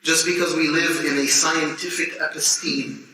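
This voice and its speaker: A man in his thirties gives an animated lecture to students, often laughing and restarting his sentences. His voice is bright and slightly high. He is recorded from a distance in a large echoey hall. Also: moderate pace, vocal fry. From United States. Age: 30s. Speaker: teacher. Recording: echoey hall, distant mic, faint noise.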